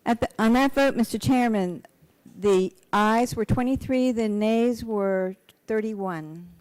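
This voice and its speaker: Female clerk, smooth dry voice, formal tally announcement. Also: on the high side, slow, darkish tone, dry recording.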